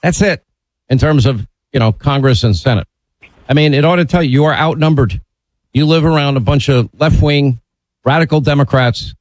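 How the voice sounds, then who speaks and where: A man's voice: medium pitch, normal speed, no room sound, rough recording. Blunt, opinionated male talk radio host. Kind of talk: talk radio, taking calls.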